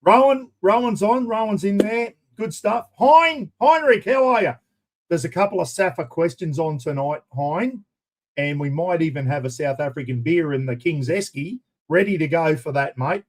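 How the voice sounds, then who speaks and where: A man with an Australian accent hosting a casual charity live stream, rambling through matey shout-outs to viewers. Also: on the high side, expressive, moderate pace.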